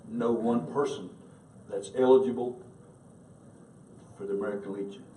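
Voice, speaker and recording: A man's voice: medium pitch, fairly even intonation, moderate pace, warm tone. Rousing man with a Southern US accent. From North Carolina. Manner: rhetorical questions, rousing. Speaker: candidate for national commander. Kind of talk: rousing speech. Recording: echoey hall, distant mic.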